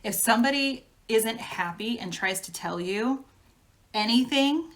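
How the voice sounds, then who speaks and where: A woman's voice: fairly high pitch, expressive, a little slow, fairly bright tone. A woman giving a casual tarot reading, talking frankly in a chatty way and laughing often. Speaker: tarot reader.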